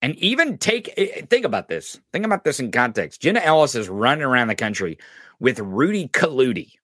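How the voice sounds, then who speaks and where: A man's voice: medium pitch, big pitch swings, fairly quick, fairly bright tone, no echo, studio quality. A man hosting a podcast, ranting angrily and profanely in political commentary, mocking his opponents. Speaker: podcast host.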